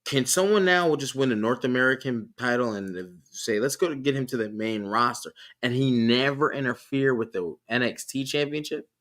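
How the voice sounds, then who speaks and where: A man's voice: medium pitch, normal speed, few pauses, a bit bright. A young man co-hosting a podcast, casually analysing wrestling and thinking aloud with many restarts and questions. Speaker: podcast co-host.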